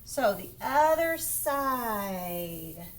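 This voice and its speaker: A woman teacher with a fairly high voice talks young children through a grammar lesson. She speaks slowly and patiently and now and then whispers a quick aside to herself. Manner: slow, patient teacher voice, sometimes lifts her pitch to show an excited sentence. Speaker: first grade teacher. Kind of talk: recorded online grammar lesson.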